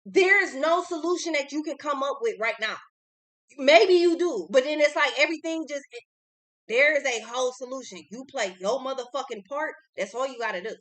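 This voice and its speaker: A woman's voice: high-pitched, normal speed, fairly bright tone. A young adult woman giving a casual tarot reading, blunt, outspoken and freely cursing. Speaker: tarot reader.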